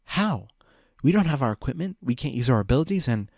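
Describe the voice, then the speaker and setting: A man's voice: mid-range voice, normal speed, darkish tone, no room sound, studio quality, close to an everyday voice. A man voicing a nervous young male dragon who talks in an anxious, jittery way. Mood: panicked.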